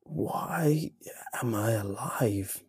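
Casting note: male narrator doing a fragile flesh creature for a horror story, creaking, barking whisper, somber. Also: mid-range voice, expressive, extremely slow, dry recording, clean studio sound, full character voice. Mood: whispering weakly. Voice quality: harsh, creaking, barking grind. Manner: quiet, breathy whisper. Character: weak half-formed flesh creature, sorrowful.

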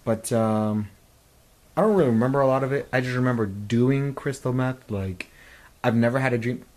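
A man's voice: medium pitch, normal speed, a little mellow, poor audio. A man in his twenties co-hosting a casual podcast, telling long rambling stories full of fillers and "like". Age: 20s. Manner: rambling storyteller, many fillers and "like". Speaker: podcast co-host.

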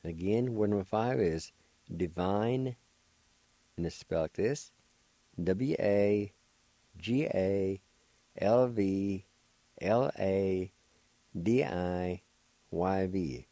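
An older man with a low, mellow voice leads a slow, careful language lesson. He spells each word letter by letter and repeats every syllable patiently. The sound is dry and close, like a small radio studio. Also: no room sound. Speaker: language teacher and radio host.

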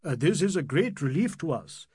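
A man voicing a polite, placating middle-aged gentleman who speaks in a courteous, soothing manner. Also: fairly high pitch, sing-song, moderate pace, husky, no echo, clean studio sound, voice pushed up, exaggerated voice.

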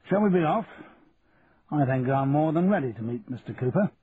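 A man's voice: on the high side, expressive, brisk, pitched above the performer's own voice, lightly acted. A man voicing a chummy Cockney businessman in his sixties with blunt, matey banter. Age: 60s. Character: sixty-four-year-old Cockney businessman, shrewd and chummy. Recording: tinny lo-fi audio with faint hiss.

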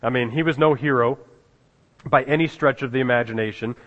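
Man preaching, casual halting sermon, many ums and restarts, muffled sound, long church reverb. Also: medium pitch, a bit bright. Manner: halting, many fillers and restarts, chuckles at the text. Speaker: pastor. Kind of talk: conversational sermon. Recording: dull sound in a reverberant hall.

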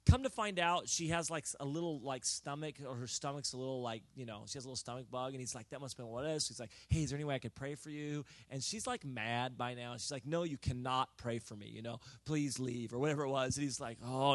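A middle-aged male pastor preaching a sermon, telling a story with acted-out dialogue and building to loud, emphatic exhortation. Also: mid-range voice, no echo.

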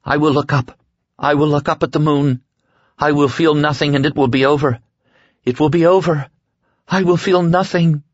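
A man's voice: medium pitch, expressive, measured pace, no echo, highs cut off, voice pushed up. A man voicing a frightened young woman who talks in a raised, strained, pleading voice in an audiobook.

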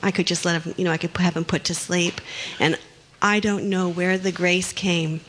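A woman sharing a personal story with a group in an earnest, halting way while tearful. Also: fairly low pitch, fairly even intonation, fairly bright tone, a little hiss or hum. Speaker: workshop participant.

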